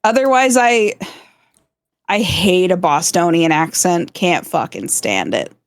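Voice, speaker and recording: A woman's voice: lowish voice, lively intonation, slow pace, no echo. Chatty, swearing woman streamer, dry mic. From South Florida. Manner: swears freely, laughs often, chatty. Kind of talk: casual chat.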